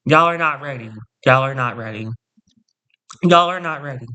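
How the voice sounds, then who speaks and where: A man's voice: medium pitch, normal speed, pushed and bright, clean tone. A man ranting to camera in a storytime vlog, sassy, boastful and theatrical, repeating punchy catchphrases. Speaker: vlogger.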